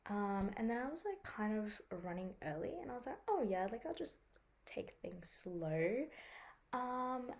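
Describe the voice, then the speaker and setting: A woman's voice: a little high, darkish tone. Young woman chatting casually with a sore throat. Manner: chatty, frequent "like" and swearing, dramatizes her own reactions. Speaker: vlogger. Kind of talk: casual vlog chat.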